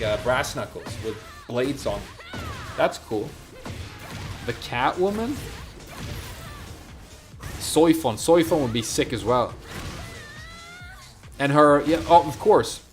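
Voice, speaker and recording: A man talks loosely and at length while streaming, his voice sitting at an ordinary middle pitch. He rambles, drifts between tangents and answers his chat. Soft music plays quietly underneath him. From Sweden. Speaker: game streamer.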